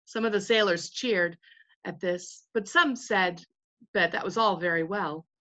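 A woman's voice: fairly low pitch, measured pace, sharp tone. A woman reading a children's novel aloud, adding casual asides now and then. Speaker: narrator.

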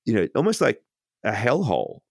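A man speaking as a podcast guest from his home, talking in a reflective, halting way with many restarts. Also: medium pitch, huge pitch swings, gravelly, no room sound, clean studio sound. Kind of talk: casual conversation.

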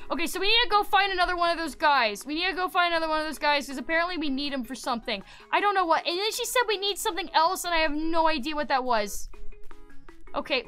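A woman streaming a game, chatting casually with her viewers, excitable, repeating herself and swearing. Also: high-pitched. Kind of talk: casual gameplay commentary.

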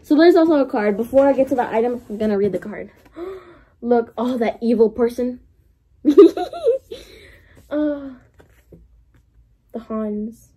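High, breathy woman gushing over an unboxing. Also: a little slow, pauses often. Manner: gushing, gasping, breaks into excited squeals. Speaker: vlogger. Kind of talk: excited unboxing vlog.

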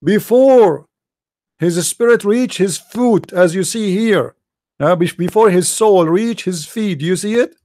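High-pitched and warm, an online religious commentator with an Arabic accent, not a native English speaker, takes his time while reading from a screen. He mocks it in a sarcastic, incredulous monologue and imitates sneezes. Clean studio sound, no room echo.

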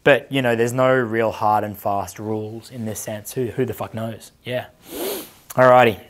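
A man's voice: on the low side, fairly even intonation, moderate pace. Brash, foul-mouthed man in his thirties. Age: 30s. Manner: brash, profane, storytelling. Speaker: dating coach. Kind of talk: casual seminar talk with audience questions.

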